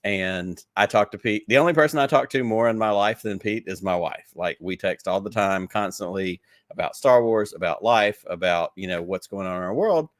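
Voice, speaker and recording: A man's voice: fairly low pitch, normal speed, few pauses, no room sound, clean studio sound. A man with a Southern accent, a podcast guest chatting about his hobby, telling stories in an eager, rambling way full of filler words. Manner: enthusiastic rambling storyteller, many "like"s. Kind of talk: casual interview chat.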